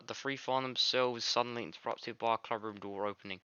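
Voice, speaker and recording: A man's voice: medium pitch, fairly even intonation, a little fast, sharp tone, clean tone, no room sound, highs cut off. Casual man narrating a game. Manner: casual, fumbling, self-mocking. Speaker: gamer reading a visual novel aloud. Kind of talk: let's play narration.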